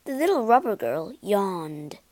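A woman reading a storybook aloud in an expressive, unhurried way. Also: medium pitch, dry recording.

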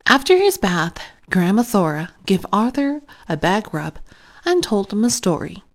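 A woman reading a children's picture book aloud in an expressive, unhurried way. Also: medium pitch. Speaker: storybook reader. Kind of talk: children's story read-aloud.

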